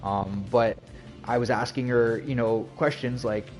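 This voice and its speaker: A man's voice: medium pitch, fairly even intonation, a little slow, a little mellow, soft background music. A man streaming and chatting casually to viewers, telling a rambling story with restarts and laughs. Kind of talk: casual chat.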